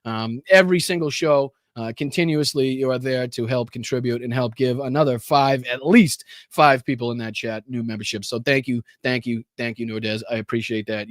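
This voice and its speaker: A man's voice: medium pitch, dry recording. Male livestream host, casual and profane, with enthusiastic spikes; mid voice, dry close mic. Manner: loose and casual, swears often. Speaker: host of a political livestream show. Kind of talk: casual livestream chat, thanking viewers.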